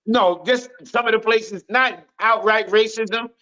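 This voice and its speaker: An American man on a podcast panel, telling stories in a loud, animated voice and swearing a lot. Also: sits high, a little slow. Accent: American English. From United States. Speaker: panel guest. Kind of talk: casual storytelling on a podcast panel. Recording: dull lo-fi remote audio.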